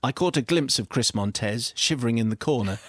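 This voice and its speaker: A man's voice: mid-range voice, lively intonation, fairly quick, a bit bright, no echo. A British man hosting a radio show, reading out a listener's confession with amused, theatrical storytelling. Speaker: radio host. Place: radio studio. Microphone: studio microphone.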